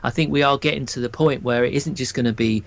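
A man from England, co-hosting a casual chat and talking hesitantly with frequent pauses. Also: mid-range voice, steady tone, creaky. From southern England. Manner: hesitant, full of ums and restarts. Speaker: co-host.

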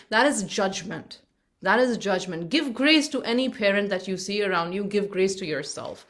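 A woman's voice: mid-range voice, normal speed, a bit bright. A middle-aged woman giving an earnest parenting talk, repeating her points and acting out little quotes.

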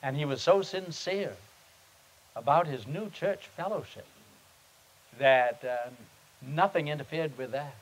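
A man, a pastor, teaching on prayer at a seminar and telling a story in an earnest, halting, unhurried way. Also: fairly high pitch, poor audio. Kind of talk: sermon-style teaching with storytelling. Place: seminar meeting.

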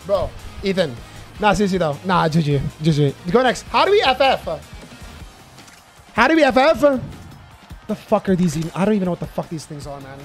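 A man doing live gameplay commentary, cursing and excitedly trash-talking his teammates. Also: high voice, fairly quick, pauses often, soft background music. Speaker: gaming YouTuber.

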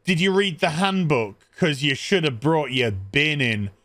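A man's voice: fairly high pitch, animated, measured pace, fairly bright tone, dry recording, pitched below the performer's own voice. A man voicing a nosy middle-aged suburban woman, mock-polite and passive-aggressive. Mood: prim.

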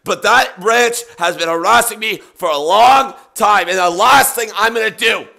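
A man streaming a mock ASMR painting show, talking in hushed, soft-spoken patter that breaks into shouting rants. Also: sits high, moderate pace, vocal fry.

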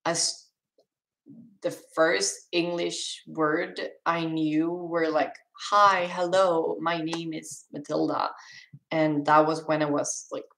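A woman's voice: low voice, fairly even intonation, takes it slowly, vocal fry, fairly bright tone, rough recording. A young woman with a Swedish accent, casually reading chat questions aloud on a live stream and answering them with restarts and laughs. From Sweden.

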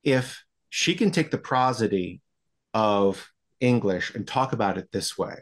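An American man explaining voiceover coaching in a podcast interview, telling stories in a lively way. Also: lowish voice, measured pace.

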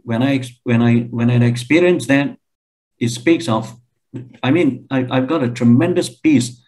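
An older man lecturing on the Bible, emphatic and animated, often asking his listeners questions. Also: poor audio. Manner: emphatic, animated, with pitch jumps and repeated questions to the audience.

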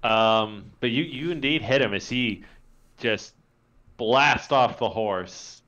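A man running a tabletop game as game master, narrating and ruling in a halting way with many restarts. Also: mid-range voice, bright, forceful tone. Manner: halting, full of restarts and fillers. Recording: dull lo-fi voice chat audio.

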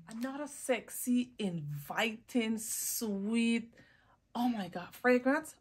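A woman's voice: on the high side, expressive, slow, breathy edge. A woman chatting casually in a perfume haul vlog, gushing and drawing out words for emphasis, recorded close on a phone or camera mic. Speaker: fragrance vlogger.

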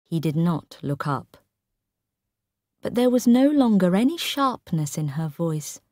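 A woman narrating a short story for English learners, careful and clear. Her voice sits somewhat low and her pace is very slow and deliberate. The sound is dry and close. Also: very animated, darkish tone, dry recording.

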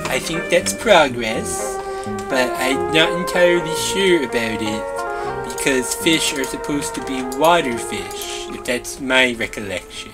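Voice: medium pitch, animated, a little slow, loud music behind the voice, natural voice. A performer voicing a bossy, childish overseer figure who calls itself a bee, ordering builders about in whiny, broken-grammar comedy machinima lines. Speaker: boss directing the builders.

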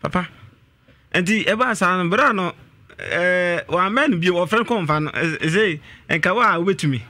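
A man's voice: sits high, animated, moderate pace, pushed and bright, no echo. A man calling in to tell a family story, hesitant and full of fillers. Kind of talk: telling a family story on a call-in.

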